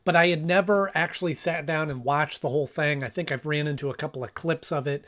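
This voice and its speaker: A man hosting his own cartoon review show, talking in a relaxed and upbeat way. He rambles quickly through his opinions with a friendly, chatty energy. His voice sits a bit higher than most men's. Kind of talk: casual review and plot recap.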